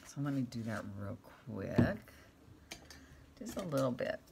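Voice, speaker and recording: Low-voiced chatty woman crafting. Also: very animated, unhurried, creaky, background noise. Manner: rambling, chatty, talks to her cat. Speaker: craft vlogger. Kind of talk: casual crafting chat.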